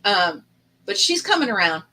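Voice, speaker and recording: Bright, chatty middle-aged woman. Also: mid-range voice, sing-song, normal speed, poor audio. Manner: chatty storytelling, laughs often. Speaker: host of a live chat stream. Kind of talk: casual chat.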